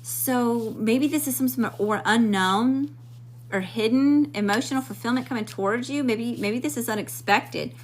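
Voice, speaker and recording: Speaking at normal speed in a voice on the high side, a tarot card reader hosts a live stream. She chats casually, welcomes people in the chat, and talks to spirit as she draws cards.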